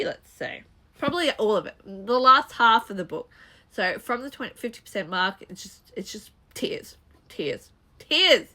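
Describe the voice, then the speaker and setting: Bright-voiced chatty young woman. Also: medium pitch. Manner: chatty and rambling, with frequent restarts and laughs. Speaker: booktuber. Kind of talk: casual book review chat.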